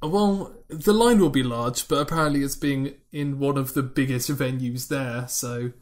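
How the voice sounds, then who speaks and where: Eager, excitable podcast co-host, a man. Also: medium pitch, moderate pace. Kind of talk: casual podcast chat.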